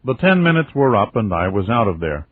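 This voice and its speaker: A man reading a first-person novel aloud as an audiobook, in a steady, wry storytelling manner. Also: fairly low pitch, brisk. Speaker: audiobook narrator. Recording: tinny lo-fi phone-like audio.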